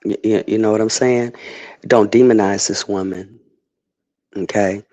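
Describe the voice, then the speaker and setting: A man's voice: on the low side, fairly even intonation, unhurried, mellow, no echo, lo-fi sound. A man streaming an unscripted rant, emphatic and profane, who keeps checking in with "okay?". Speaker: streamer giving commentary.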